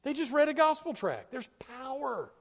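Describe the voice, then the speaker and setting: Male pastor with a high voice, emphatic sermon delivery, word repetition, big swings from hushed to loud. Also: big pitch swings, normal speed, gravelly. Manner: emphatic preaching, repeats key words, stumbles on restarts.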